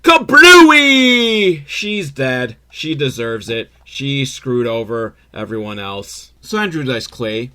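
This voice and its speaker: A man recapping a movie in a casual comedic way, sarcastic and profane, breaking into quick character voices. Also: medium pitch, expressive, fairly bright tone.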